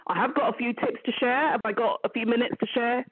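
A London-accented woman talks as a guest in a chatty, playful, upbeat way. Her voice sits high, and it comes through a thin, tinny phone-like line with a dry sound. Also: fairly even intonation, quick pace, no room sound. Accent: London English. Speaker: guest business mentor. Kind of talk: casual chat.

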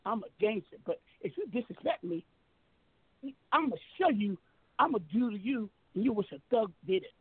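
Brief: high gravelly male storyteller, boastful and profane, phone line. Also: very animated, a little fast, no room sound. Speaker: guest telling a story. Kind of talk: animated storytelling on a talk show.

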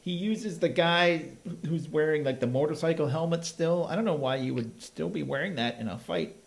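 A man chatting casually about a movie as a podcast co-host, animated and laughing as he acts out the lines. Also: fairly high pitch, moderate pace, creaky.

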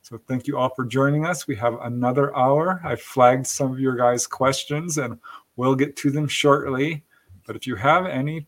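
A man hosting a live radio and stream talk show, friendly and chatty, checking his notes as he goes. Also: medium pitch. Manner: friendly, chatty, reads station info from notes. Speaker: host.

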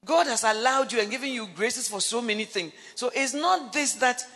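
Lively woman preaching in a reverberant hall. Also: fairly high pitch, moderate pace. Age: middle-aged. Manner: animated storytelling, acts out dialogue, breaks into laughs. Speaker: preacher speaking on marriage. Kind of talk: sermon.

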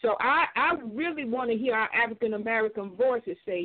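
An older woman calling in to a talk show, speaking haltingly with many hesitations and restarts. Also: on the high side. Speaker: caller. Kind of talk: call-in radio commentary. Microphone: phone. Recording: tinny phone line.

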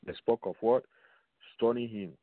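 A man teaching from the Bible on a radio program, slow and repetitive, putting rhetorical questions to his listeners. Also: medium pitch, steady tone, no room sound. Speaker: radio preacher. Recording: tinny phone-line sound, dry.

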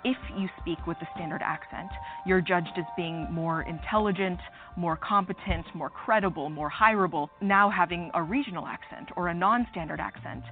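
A woman psychologist explaining ideas in a measured, clear way during an interview clip. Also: fairly low pitch. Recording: tinny clip with music behind.

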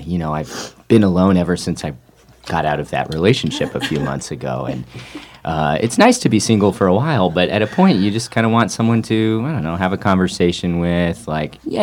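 Lively, rambling woman comic. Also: very deep voice, background noise. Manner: rambling, self-mocking and animated. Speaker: comedian. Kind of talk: improvised comic storytelling.

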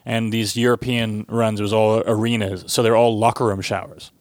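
A man's voice: on the low side, flat delivery, normal speed, no room sound, clean studio sound. A man co-hosting a podcast, emphatically setting up stories and swearing casually. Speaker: podcast co-host. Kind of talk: casual chat.

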